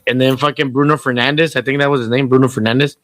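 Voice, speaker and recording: A Southern California man co-hosts a podcast in casual chat, speaking fast in a mid-range, slightly bright voice with fairly even intonation. He tells rambling, profane stories and slips into Spanish, and the recording is dry.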